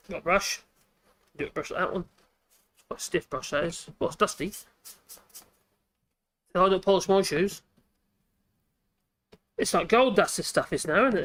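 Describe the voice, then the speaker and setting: Give me a workshop host in casual demo talk, rambling and thinking out loud. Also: mid-range voice. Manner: chatty, rambling, thinks aloud with self-corrections. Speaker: woodworking channel host.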